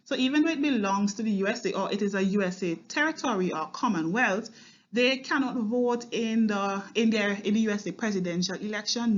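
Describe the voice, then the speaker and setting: Female literature teacher, mid pitch, patient line-by-line explainer, lo-fi recording. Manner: explains line by line, often checks in with "okay?". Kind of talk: recorded exam-prep poetry lesson.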